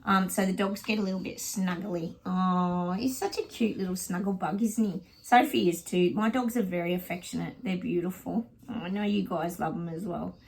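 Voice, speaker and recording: A woman's voice: fairly low pitch, steady tone, normal speed, vocal fry, few pauses, darkish tone, rough recording. Chatty Australian woman, rambling vlog. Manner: chatty, rambling, lots of ums and asides to her dog. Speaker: psychic vlogger. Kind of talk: casual chat to viewers.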